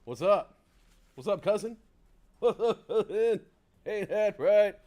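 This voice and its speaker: A man doing an impression of a loud, jovial middle-aged male comedian who greets everyone heartily. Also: lively intonation, slow pace. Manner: booming, hearty, repetitive greetings.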